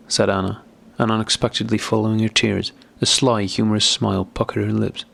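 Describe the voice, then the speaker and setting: A man reading an audiobook as narrator, in a steady, measured narration. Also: lowish voice, creaky. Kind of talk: scripted narration.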